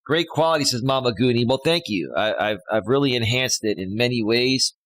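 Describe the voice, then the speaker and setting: Male live-stream host, life coach, mid-pitched voice, dry close mic, chatty advice-giving delivery. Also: animated, brisk, fairly bright tone, dry recording, low-quality recording. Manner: chatty, gives relationship advice, reads comments aloud. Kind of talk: casual live stream talk. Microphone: studio microphone.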